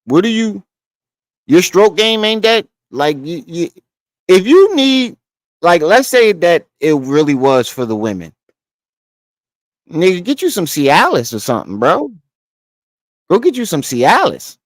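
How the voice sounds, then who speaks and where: A man's voice: sits high, huge pitch swings, measured pace, pauses often, dry recording, clean studio sound. A man hosting a casual reaction commentary show, joking around and cursing. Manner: joking, profane, laughing.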